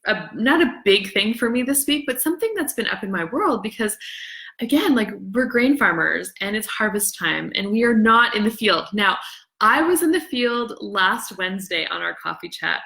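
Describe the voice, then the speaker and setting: A middle-aged woman from Canada chatting casually on a livestream, rambling and excitable as she greets viewers. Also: mid-range voice, normal speed, vocal fry. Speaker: livestream host. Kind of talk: casual live chat.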